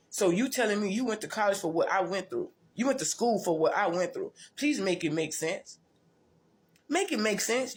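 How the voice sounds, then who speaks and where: A woman's voice: mid-range voice, a little mellow. A woman tells her life story in a blunt, profane, rambling way, often restarting and repeating herself. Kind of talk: casual storytelling monologue.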